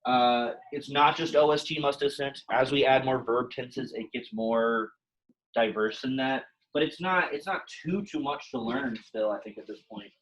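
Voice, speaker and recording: Relaxed, chatty male Latin teacher. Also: mid-range voice, normal speed, low-quality recording. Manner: relaxed, chatty, many fillers. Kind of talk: casual classroom lesson.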